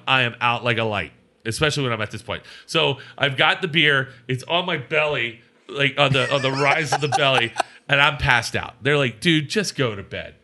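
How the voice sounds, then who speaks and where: A man co-hosting a podcast, telling a rowdy road story in casual chat and acting out the people in it. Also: medium pitch. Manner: animated storyteller, acts out voices of people in his story. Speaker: podcast co-host.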